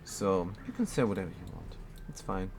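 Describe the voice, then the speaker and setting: A man's voice: low-pitched, big pitch swings, normal speed, a little mellow, a little hiss or hum. A man from Germany casually commenting on his game while answering chat in a laid-back way. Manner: laid-back, reads chat aloud, chuckles often. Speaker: streamer.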